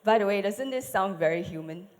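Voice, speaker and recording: A woman telling a Bible story at a church service, animated, asking the audience questions and dropping to whispers for effect. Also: medium pitch, fairly quick. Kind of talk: dramatic storytelling sermon.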